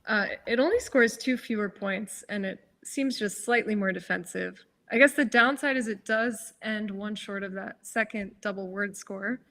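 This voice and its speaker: A woman giving live game commentary, explaining moves in a measured, analytical way with hesitant fillers. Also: mid-range voice, a bit bright. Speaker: tournament commentator.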